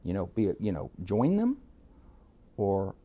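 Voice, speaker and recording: A man's voice: sits low, huge pitch swings, a little slow, dull audio, full character voice. A man voicing his streetwise father, who lays out mob rules in a blunt, matter-of-fact way. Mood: advising.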